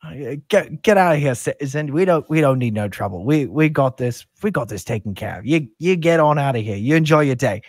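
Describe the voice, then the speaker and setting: A man voicing a gruff male city guard who barks orders and brushes people off. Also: mid-range voice, fairly quick, hardly any pauses, no echo, clean studio sound, pitched above the performer's own voice, close to an everyday voice. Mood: bullying. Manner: blustering, shouting, dismissive.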